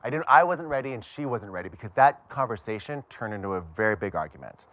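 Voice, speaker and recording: A man's voice: on the low side, expressive, fast, a bit bright, no echo. A man from Pittsburgh telling a personal story to a live audience with wry, self-mocking humor. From Pittsburgh, USA.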